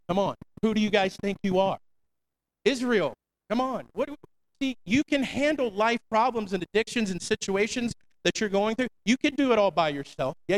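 Male pastor, high and ringing, energetic call-and-response sermon delivery. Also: low-quality recording. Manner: energetic call-and-response preaching, repeats "come on".

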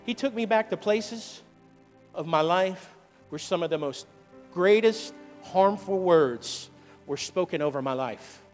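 High-voiced preaching pastor in a reverberant church. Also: male voice. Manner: call-and-response preaching, asks the congregation questions. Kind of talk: sermon. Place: church sanctuary. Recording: long hall reverb with faint music.

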